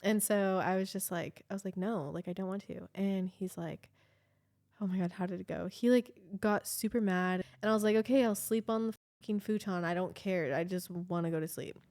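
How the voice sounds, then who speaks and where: A woman's voice: mid-range voice, fairly quick. Chatty young woman telling a story. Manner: chatty, animated, heavy use of "like", laughs often. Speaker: podcast co-host. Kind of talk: casual storytelling chat.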